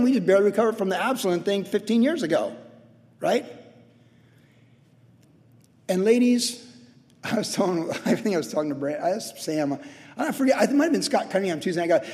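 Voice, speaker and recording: A man in his sixties preaching a sermon in a conversational way, acting out quotes with sudden shouts. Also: high voice, animated, quick pace, big-room sound. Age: 60s. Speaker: pastor.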